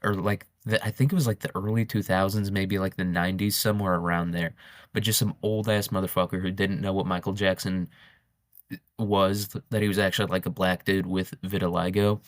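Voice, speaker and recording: Low-voiced man, rambling comic monologue. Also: little pitch movement, brisk, no echo, clean studio sound. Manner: rambling, irreverent, laughs often. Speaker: podcast host. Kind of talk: casual comedic monologue.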